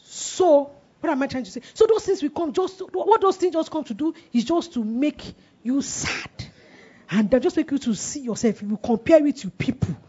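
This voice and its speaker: A woman's voice: sits high, lively intonation, normal speed, warm tone. A woman in her forties preaching a sermon, asking the congregation questions and letting them answer, with emphatic delivery. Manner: call-and-response questioning, emphatic. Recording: dull lo-fi recording.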